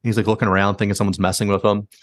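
Fast-talking low-voiced podcast host. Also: male voice, no echo, studio quality. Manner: animated retelling, heavy use of "like". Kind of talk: casual storytelling chat.

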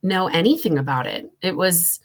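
A woman, telling an emotional personal story in a halting way, with many fillers, close to tears. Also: fairly low pitch, lively intonation. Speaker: guest.

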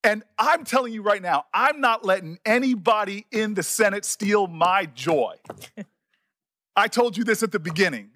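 A middle-aged man, a senator, giving an emotional, halting speech at a hearing and often repeating his words. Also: high voice, expressive, pushed and bright.

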